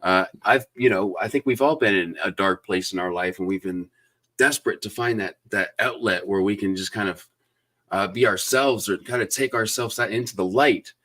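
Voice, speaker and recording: Man, low voice, live book-channel host, enthusiastic, lots of fillers, shout-outs to viewers. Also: normal speed. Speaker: booktube interview host. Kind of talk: live-stream interview chat.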